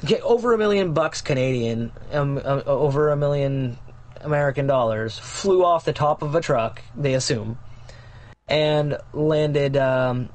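A man's voice: fairly high pitch, unhurried. Rambling, joking young-sounding male co-host. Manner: rambling, joking, swears a lot. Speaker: podcast co-host. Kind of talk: casual news chat.

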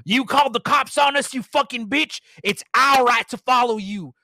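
A man's voice: extremely high pitch, normal speed, bright, forceful tone, no echo, pitched above the performer's own voice, heavily acted. A man voicing a burly, furious man who screams a cursing tirade through a car window.

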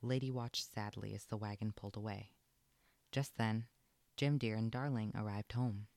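A man narrating a children's storybook aloud in an expressive, lilting read. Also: on the low side, moderate pace, vocal fry, dry recording.

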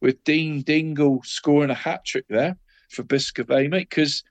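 A man's voice: a little high, unhurried. A man co-hosting a local football podcast, chatting casually with many restarts and "mate" after nearly every phrase. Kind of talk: casual chat.

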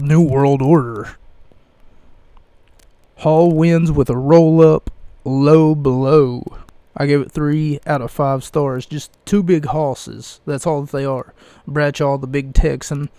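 Slow, flat-toned man hosting a podcast. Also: a little high, dry recording. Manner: rambling, hesitant, with dry wordplay. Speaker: podcast host. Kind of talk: casual solo review podcast.

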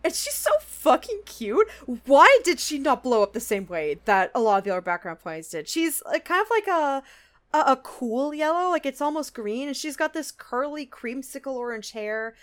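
Young woman podcaster, bubbly and giggly, high lively voice. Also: normal speed. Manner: bubbly, laughs often, animated storytelling. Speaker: podcast co-host. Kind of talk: casual chat recapping a cartoon episode.

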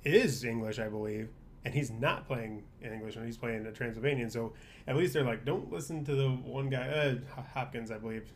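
Man, podcast co-host, casual chat, wry, opinionated, rambling, mid-pitched voice, faint background hiss. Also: a little fast.

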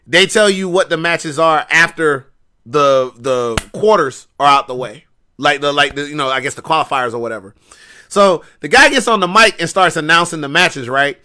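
Bright, animated male storyteller. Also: a little high, moderate pace. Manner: animated, slangy, repeats himself. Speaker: podcast guest wrestler. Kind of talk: casual podcast storytelling.

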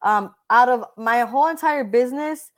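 A woman realtor talking casually in an interview, blunt and animated, often acting out what other people said. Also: on the high side, moderate pace.

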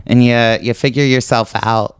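A man from the Pittsburgh area hosting a casual comedy podcast, cracking quick jokes and steering the segments. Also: mid-range voice, steady tone, clear, resonant tone, no room sound. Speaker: podcast host.

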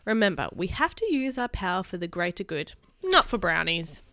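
A calm, sensible grandmother says no in a firm, level way. A woman reads her lines from a storybook. The sound is close and dry. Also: fairly low pitch, moderate pace, no echo, full character voice.

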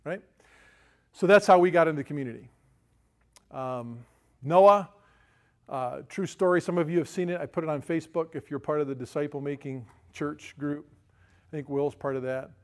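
Middle-aged male pastor, gravelly, folksy conversational preaching style. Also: a little high, moderate pace, pauses often. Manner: folksy, chatty with frequent "right?" asides. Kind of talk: sermon storytelling.

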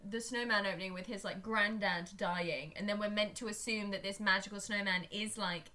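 A woman's voice: mid-range voice, steady tone, fairly quick, pushed and bright. A young English woman in casual, giggly chat, swearing freely and teasing. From England. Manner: giggly, swears freely, sings and squeals playfully.

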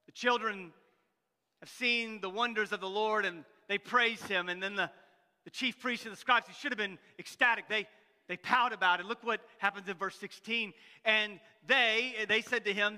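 A middle-aged male pastor preaching a sermon, animated, acting out voices and swinging from loud bursts to hushed, soft lines. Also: high-pitched, long reverb tail. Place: church sanctuary.

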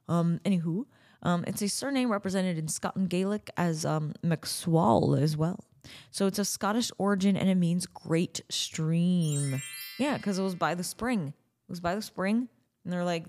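A woman hosting a podcast in a casual, chatty way, playful and quick to break into silly asides. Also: fairly low pitch, darkish tone. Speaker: podcast host. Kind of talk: casual chat.

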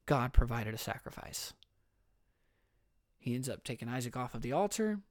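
A man's voice: mid-range voice, big pitch swings, moderate pace, darkish tone, dry recording. Casual male podcast host, conversational storyteller with frequent laughs, dry close-mic sound. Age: adult father. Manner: chatty, laughs often, restarts sentences. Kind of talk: casual Bible story retelling. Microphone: studio microphone.

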